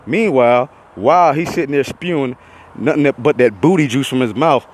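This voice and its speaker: A man's voice: medium pitch, a little fast, husky, low-quality recording. A young man hosting a podcast, delivering a heated, profane, repetitive rant. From Florida, USA. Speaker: podcast host.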